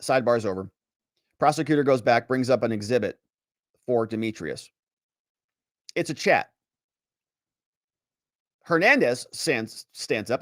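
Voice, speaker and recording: A man's voice: medium pitch, expressive, measured pace, long pauses, no echo, clean studio sound. A man, a lawyer and commentator, recounting trial testimony and acting out the witness and lawyers, with sarcastic asides. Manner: acts out witnesses and lawyers in quotes.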